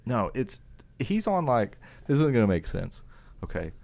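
A man's voice: mid-range voice, sing-song, moderate pace, gravelly, darkish tone. A man co-hosting a podcast, chatting casually with emphatic, profane enthusiasm. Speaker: podcast co-host. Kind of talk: casual chat.

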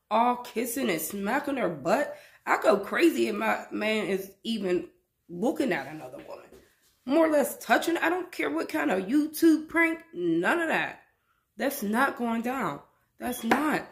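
Emphatic woman with a gravelly voice. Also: on the high side. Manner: emphatic, repeats words, addresses viewers directly. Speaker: reaction vlogger. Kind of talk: casual reaction commentary.

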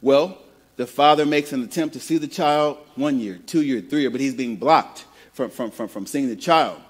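A man's voice: medium pitch, moderate pace, breathy edge. Man preaching with stammered repeats. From Midwest of the United States. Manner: conversational preaching with repeated words and call-and-response prompts. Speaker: pastor. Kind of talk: sermon.

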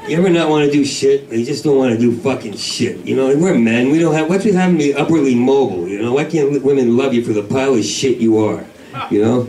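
A man doing a stand-up comedy set in a club, talking in a manic, rambling, profane way that breaks into shouted voices. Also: medium pitch, fast talker. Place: comedy club main room. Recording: echoey club recording from far off with crowd. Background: audience laughter.

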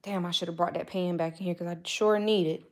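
She has a lowish voice and fairly even intonation, and she talks fast. As a vlogger cooking at home, she tosses out casual slang to viewers and her kids between steps, captured on a phone camera nearby that she occasionally puts down.

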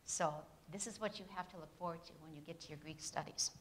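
A woman's voice: sits low, quick pace, a little hiss or hum. Woman teaching grammar, quizzing her class. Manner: asks questions and answers them herself, with tag questions; reads example sentences with shifting emphasis. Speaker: Bible institute grammar teacher. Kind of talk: classroom lecture with questions to students.

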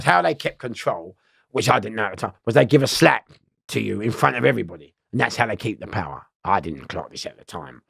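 A middle-aged man, telling prison stories loudly in an interview. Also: mid-range voice, brisk, vocal fry, husky, no room sound. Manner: loud, lively, laughing storyteller. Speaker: interview guest. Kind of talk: storytelling in an interview.

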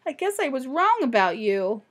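A woman voicing a kind, sweet old woman in a storybook read-aloud, speaking gently and brightly. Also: high voice, very animated, moderate pace, heavily acted. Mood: kindly.

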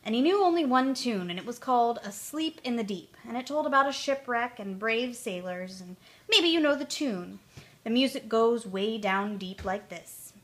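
A woman storyteller reading a children's story aloud in a gentle, expressive way. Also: fairly high pitch, moderate pace.

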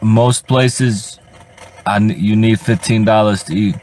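A man's voice: on the low side, fairly even intonation, a little slow, a little mellow, a little hiss or hum. A man rambling on a live stream from inside his parked car, talking to his chat in a frustrated, profane way and stammering over repeated words. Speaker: livestreamer.

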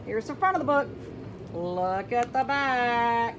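A woman reading a children's picture book aloud, animated and exclaiming, asking her young listeners questions. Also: fairly high pitch, slow, a little hiss or hum. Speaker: children's storybook reader.

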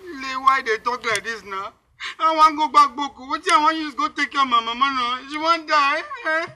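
A man's voice: normal speed, bright, forceful tone, full character voice. An actor playing a desperate young village man who begs over and over for his money, speaking Nigerian Pidgin. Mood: stubborn. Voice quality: high, pleading, insistent. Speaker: Tio, a young man from Gboko. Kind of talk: Nollywood film acting.

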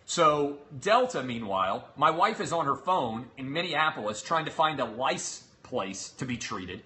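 A man's voice: mid-range voice, sing-song, unhurried, bright, forceful tone. Fired-up man telling a story. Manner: exasperated, sarcastic retelling with acted-out quotes. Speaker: show host. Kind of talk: animated storytelling monologue.

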